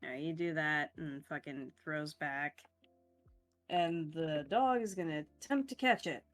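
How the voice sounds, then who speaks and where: A woman running a tabletop game as game master, narrating in a casual, halting way with fillers and a bit of swearing. Her voice sits on the lower side and she takes her time, with soft music playing faintly behind her.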